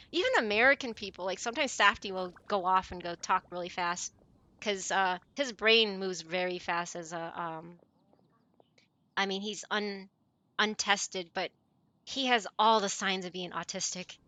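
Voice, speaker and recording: A woman streamer chats casually with friends over voice chat, her medium-pitched, chirpy voice carrying a sharp tone. She's talkative and apologetic and laughs quickly. There's no room sound.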